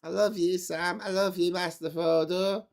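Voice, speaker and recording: A man putting on a squeaky helium-voiced hobbit. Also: fairly even intonation, moderate pace, gravelly. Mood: tender. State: losing his voice.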